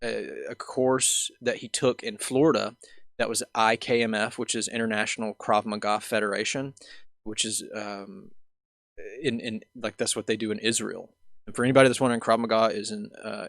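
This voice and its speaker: A man's voice: lowish voice, vocal fry, dry recording, studio quality. A man hosting a podcast, telling a long story in a casual, rambling way full of fillers and restarts. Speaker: podcast host.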